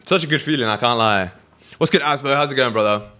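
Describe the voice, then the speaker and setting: A man's voice: medium pitch, fast, bright, forceful tone. A young British man chatting casually on a live trading stream, slangy and talking straight to his chat.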